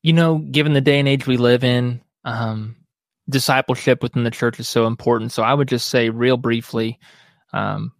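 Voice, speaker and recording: A man's voice: mid-range voice, steady tone, normal speed, creaky, dry recording, clean studio sound. A man being interviewed as a biblical counselor, speaking earnestly and reflectively in a conversational way. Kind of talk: podcast interview.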